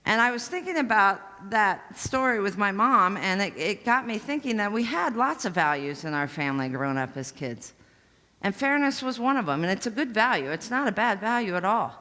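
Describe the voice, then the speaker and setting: A woman's voice: mid-range voice, very animated, normal speed, pushed and bright. A woman pastor delivering a conversational, storytelling sermon to her congregation. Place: church sanctuary. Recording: long church-hall reverb.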